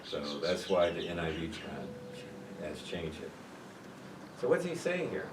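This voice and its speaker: A man's voice: low voice, wildly swooping pitch, slow. A man leading a church Bible study, talking conversationally and putting questions to the group. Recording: echoey room, mic far off, noisy.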